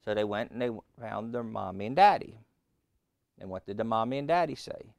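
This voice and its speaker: A man preaching a sermon, emphatic, rising loud and high on key points and calling out questions to the congregation. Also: big pitch swings, a little fast, creaky, no room sound, clean studio sound.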